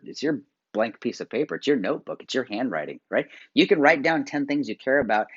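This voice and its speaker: A man from the United States giving a motivational video talk, coaching viewers through exercises with direct instructions, shifting from loud emphasis to quiet asides. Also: on the low side. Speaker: workshop presenter. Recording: dull lo-fi sound.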